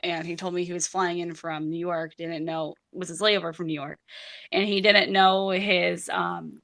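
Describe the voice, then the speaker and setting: A woman with a low, gravelly voice recounts events in a loose, rambling way, full of restarts and curses. Her tone has a bright, sharp edge, and she sits some distance from the microphone. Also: steady tone, moderate pace. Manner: rambling, many restarts and swearing. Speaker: interviewee. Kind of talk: casual recounting interview.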